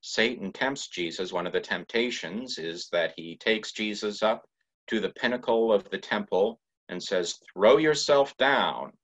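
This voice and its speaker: Guest pastor, male, deep voice, slow deliberate sermon delivery, muffled lo-fi church recording. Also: fairly bright tone. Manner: measured, reflective preaching with pauses. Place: church sanctuary.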